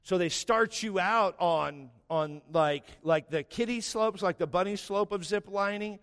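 Animated male pastor with a high-set voice. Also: a little slow, clear, resonant tone. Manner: animated, jokey asides, builds to emphatic runs. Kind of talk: sermon with humorous storytelling.

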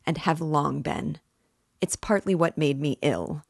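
A woman's voice: low-pitched, measured pace, gravelly, husky, no room sound, clean studio sound, full character voice. A woman voicing an irritated, resolute young male student under suspicion in an audiobook reading.

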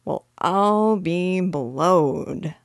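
A coarse, uneducated burglar from a storybook, put on by a woman reading aloud. He drags out his vulgar exclamations slowly and a touch louder, and the recording is close and dry. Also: fairly low pitch, creaky, dry recording, heavily acted. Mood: laughing. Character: rough uneducated male burglar, amused.

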